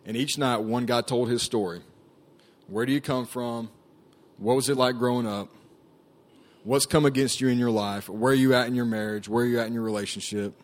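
Guy sharing his testimony, easygoing and chatty, mid voice, lots of filler words. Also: mid-range voice. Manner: casual storytelling, many fillers and "like". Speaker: ministry staff member giving testimony. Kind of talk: personal testimony talk.

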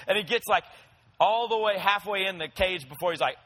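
A man's voice: high voice, animated, brisk, sharp tone, rough recording. A young man preaching a sermon in a conversational, storytelling way, talking straight to his listeners. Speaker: pastor.

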